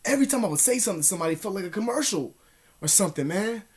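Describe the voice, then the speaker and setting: A man's voice: sits high, very fast, husky. Young man telling a wild story. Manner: profane, slangy, animated, drops to whispers. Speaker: vlogger. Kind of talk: casual storytelling.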